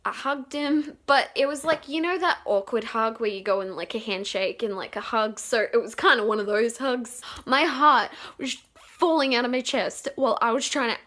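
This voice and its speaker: A young woman telling a rambling, excited storytime, giggling and acting out quotes loudly. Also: fairly high pitch, normal speed. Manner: excitable, giggly, acts out quotes with bursts of loudness; rambling with many fillers and restarts. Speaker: vlogger. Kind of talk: casual storytime.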